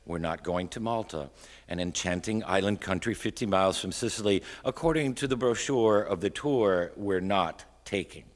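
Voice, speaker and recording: A man's voice: low voice, moderate pace, lightly acted. A man voicing a male ship captain making formal announcements during a poetry reading. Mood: announcing. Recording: long hall reverb from a live venue.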